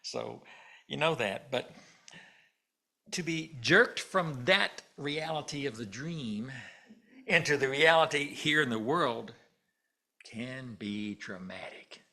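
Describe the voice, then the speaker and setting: Guy minister giving a chatty sermon, cracks jokes, folksy and easygoing, mid pitch. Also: animated, takes it slowly, pauses often, bright, forceful tone. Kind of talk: conversational sermon. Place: church hall. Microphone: handheld or stand mic, slightly ringing.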